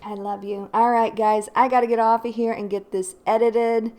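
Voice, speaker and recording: A woman's voice: fairly high pitch, flat delivery, moderate pace, a little mellow. Chatty woman telling a story. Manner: chatty, rambling, fillers like "like" and "you know". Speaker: tarot reader and channel host. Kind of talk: casual storytelling to viewers.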